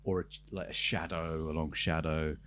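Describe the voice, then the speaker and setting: A man's voice: a bass voice, level tone, moderate pace, a bit bright. A man co-hosting a comedy podcast, telling a rambling story with bursts of laughter. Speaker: podcast co-host.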